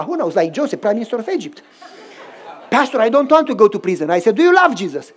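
A man's voice: high voice, quick pace. A male pastor, preaching as he tells a story and acts out both sides of the dialogue. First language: Romanian. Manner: acts out dialogue with lively voice swings. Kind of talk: storytelling sermon.

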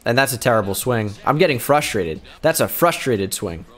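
A young man narrates his own baseball video game like a broadcaster, dry and sarcastic about every line out. His pitch sits right in the middle, with faint game music under his desk-mic voice. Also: moderate pace. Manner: sarcastic play-by-play, shouting in bursts of excitement. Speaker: gaming YouTuber. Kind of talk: gameplay commentary.

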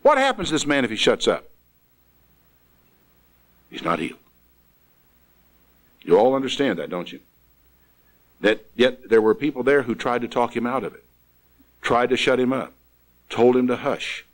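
Man, preacher, sermon, emphatic, loud exclamations and quiet asides, very lively pitch. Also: normal speed, long pauses, poor audio.

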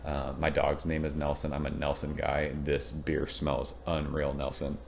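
Very deep-voiced chatty beer reviewer man. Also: a little fast, creaky, slight background noise. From Southern California. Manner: chatty, rambling, excitable, swears casually. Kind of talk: casual beer review vlog.

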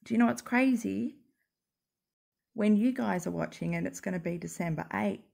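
A woman with a croaky voice rambling sarcastically at home while smoking, as a YouTube commentator. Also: mid-range voice, moderate pace, a little mellow. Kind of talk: rambling casual monologue.

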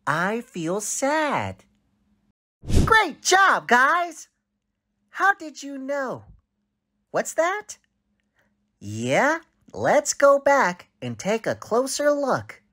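A woman voicing a cheerful young cartoon boy who narrates a social story and asks the children watching questions, in a bright, sing-song, exaggerated way. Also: high voice, wildly swooping pitch, extremely slow, long pauses, full character voice. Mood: thoughtful.

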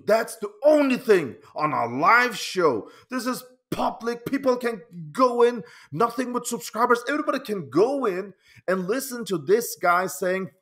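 High-voiced man ranting slowly. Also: a bit bright. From Denmark. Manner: agitated, repeating words and restarting sentences; swears often. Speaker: pinball YouTuber. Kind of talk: casual vlog rant.

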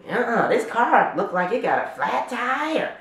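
A man's voice: extremely high pitch, big pitch swings, a little slow, a bit bright, voice pushed up, exaggerated voice. A nagging, told-you-so mom talks in a raised, singsong voice, as a man puts her on. She sounds a little off-mic, and the room has some echo. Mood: fussing.

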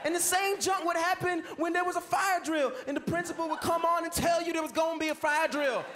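A man's voice: very high-pitched, brisk. A young American man doing a stand-up comedy set, acting out stories with big voices and screams. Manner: animated, acts out screaming kids and voices. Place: comedy club stage with live audience. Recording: live stage set with audience laughter and noise.

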